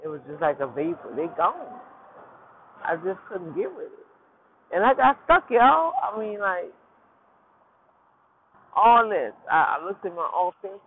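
A man casually telling viewers a personal faith story, animated and repetitive, often turning to talk to them directly. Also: sits high, measured pace, long pauses. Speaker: vlogger sharing a personal testimony. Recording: phone-quality line with faint noise.

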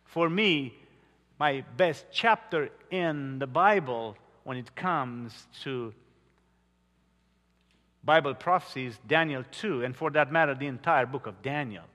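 Slow, bright-voiced preacher in a hall. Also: male voice, medium pitch. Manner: earnest storytelling with dramatic pauses. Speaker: pastor. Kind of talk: sermon. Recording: long hall reverb.

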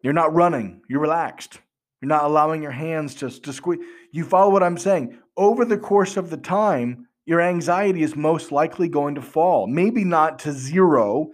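A man's voice: on the high side, moderate pace. A man hosting a podcast, explaining earnestly with rhetorical questions and frequent restarts. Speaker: podcast host.

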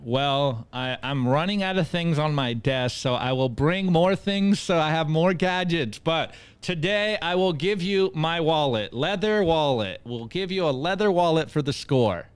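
A man's voice: a little high, expressive, unhurried, few pauses, clear, resonant tone. A man co-hosting a casual livestream, talking in an earnest, rallying way and calling listeners guys and bro. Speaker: co-host.

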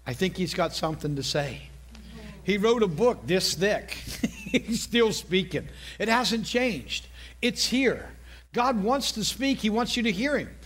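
A middle-aged male pastor preaching a sermon, telling a story with lively asides and repeated phrases. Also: sits high.

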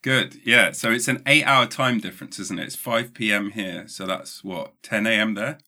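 A man's voice: on the low side, moderate pace, sharp tone. A young man hosting a podcast, joking and teasing his guest in casual chat. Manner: jokey, teasing. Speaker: podcast host.

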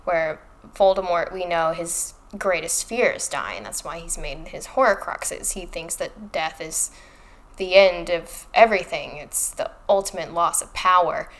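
A woman co-hosts a casual podcast chat, thinking things through carefully and reading passages aloud. Her voice is lowish and a little slow.

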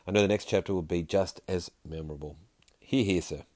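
A man hosting a podcast in a casual, jokey way, reading listener tweets aloud with quick asides. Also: low-pitched, heavy background noise. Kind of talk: casual chat.

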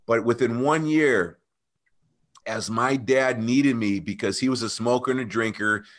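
A man guest telling an emotional personal story, earnest and animated, often calling the host by name. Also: mid-range voice, measured pace. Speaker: podcast guest.

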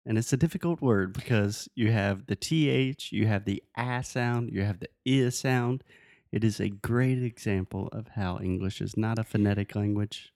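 A man with a notably low voice co-hosts a relaxed language podcast. He patiently breaks words into sounds and corrects pronunciation. The recording is dry and close. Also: moderate pace, dry recording. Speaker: podcast co-host and English teacher. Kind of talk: casual conversational English lesson.

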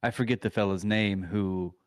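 A man's voice: fairly low pitch, steady tone, moderate pace, no room sound, studio quality. A man co-hosting a podcast in casual, profane, joking chat, often restarting his sentences. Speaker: podcast co-host.

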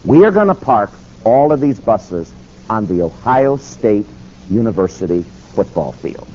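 A man's voice: fairly low pitch, very animated, a little slow, dark tone. This is a driven preacher full of optimism, voiced by a man retelling the story, pressing his point with eager insistence. A faint hiss and a muffled, lo-fi sound sit on the recording. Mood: urgent. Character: tireless, upbeat male preacher pushing a bold plan.

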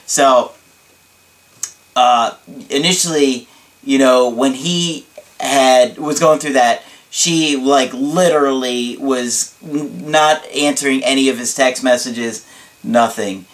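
A man who coaches on dating, talking casually to the camera in an animated way, laughing often and checking in with his listeners. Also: medium pitch, slow.

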